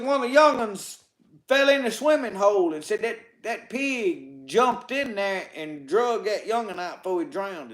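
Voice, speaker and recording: A man's voice: high voice, roomy sound. A man with a Mississippi Southern accent telling folk tales in a rambling, folksy way, strung together with "he said.". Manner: rambling, folksy delivery with repeated "said" and "he said". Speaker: storyteller. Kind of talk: Southern folk tall tales told to a live audience.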